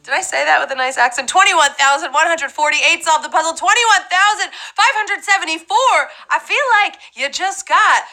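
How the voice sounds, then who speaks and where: A young woman hosting a live trivia game show, playful and chatty with quick asides. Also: very high voice, sharp tone, low-quality recording.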